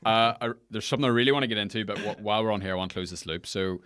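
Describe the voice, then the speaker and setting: A man's voice: lowish voice, racing, fairly bright tone, clean tone, no echo, clean studio sound. A man hosting a podcast, chatting in a candid, casual way. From Northern Ireland. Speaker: podcast host. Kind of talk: casual interview chat.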